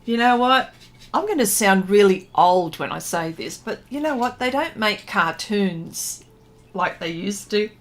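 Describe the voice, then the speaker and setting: Painting on a casual livestream, a middle-aged woman chats in an animated, unhurried, medium-pitched voice. She frequently laughs and reads out comments from viewers.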